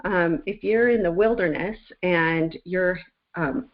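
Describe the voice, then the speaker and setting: A woman's voice: lowish voice, slow, lo-fi sound. A woman reverend hosting an interview, speaking in an earnest, reflective way. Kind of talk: conversational interview.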